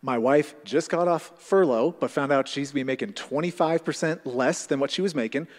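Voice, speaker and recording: A man's voice: on the high side, brisk, pitched below the performer's own voice, natural voice. A man voicing a stressed neighbor who describes money and childcare worries. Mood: weary. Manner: weary, overwhelmed. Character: stressed, weary male neighbor. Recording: long hall reverb.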